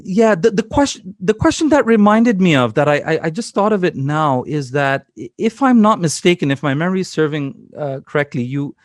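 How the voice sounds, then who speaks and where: A man's voice: a little high, expressive, a little fast, hardly any pauses, no echo, clean studio sound. A young man from Canada hosting an interview over a video call, talking casually with many fillers and restarts. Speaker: interview host.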